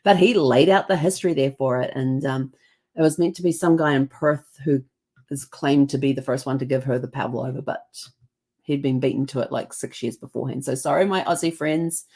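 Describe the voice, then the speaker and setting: Woman with a New Zealand accent, low voice, chatty storyteller who acts out the dialogue. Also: a little fast, darkish tone, husky. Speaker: host. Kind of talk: casual storytelling.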